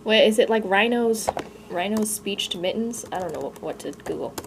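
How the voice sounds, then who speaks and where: Young woman novelist, sarcastic rambling vlog rant, mid pitch, chuckles often, faint hum behind. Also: animated, moderate pace, creaky. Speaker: novelist and vlogger. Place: room at home, growing dark. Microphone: camera mic.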